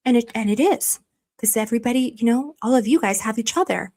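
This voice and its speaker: A woman's voice: on the high side, a little fast, darkish tone. A woman hosting a livestream, chatting casually to her viewers, gushing and emotional, rambling with many restarts. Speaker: livestream host.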